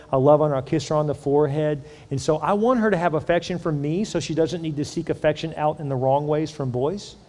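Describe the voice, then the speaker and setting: A middle-aged man preaching a sermon, talking to his congregation in a relaxed, conversational way with lively stories and repeated words. His voice sits a little high for a man. The sound rings out with the long reverb of a large church hall. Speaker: pastor.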